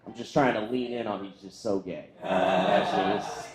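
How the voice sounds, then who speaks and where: On a comedy stage before a crowd, a roast comedian with a lowish voice rambles through a crude set at normal speed, poking fun at himself as he goes. The sound is roomy and the audio quality is poor, with the audience audible behind him.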